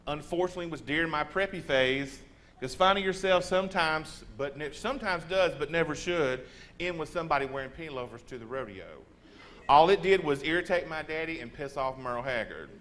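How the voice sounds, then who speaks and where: A man in his forties tells comic stories in a Texan drawl. His slightly high voice stays lively and self-mocking. A faint hiss sits under the speech. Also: brisk. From Texas. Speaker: humorous speaker.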